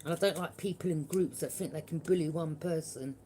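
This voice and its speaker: Blunt, low-voiced woman tarot reader. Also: fairly quick, very noisy. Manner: blunt, forthright, swears freely; frequent tag question "yeah?". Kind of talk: collective tarot reading.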